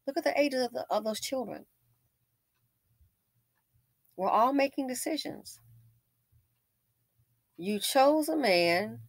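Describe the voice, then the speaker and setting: A woman's voice: fairly high pitch, lively intonation, a little slow, long pauses, no echo, clean studio sound. A woman host giving casual, opinionated commentary, telling a story with wry asides.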